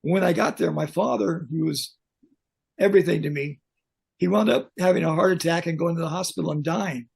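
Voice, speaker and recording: An older man with a gravelly, husky voice sitting a little higher than most men. He tells his tales bluntly and with humor, as a guest on a video-call interview. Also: a little fast. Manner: blunt, joking, animated anecdotes. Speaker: guest, pyrotechnics technician. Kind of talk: casual storytelling interview.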